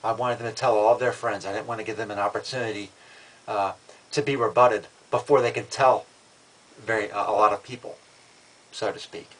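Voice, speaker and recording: A man's voice: fairly low pitch, fairly even intonation, fairly quick, fairly bright tone, poor audio. A man talking to camera in a casual vlog, matter-of-fact and defiant, often restarting and repeating words. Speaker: vlogger.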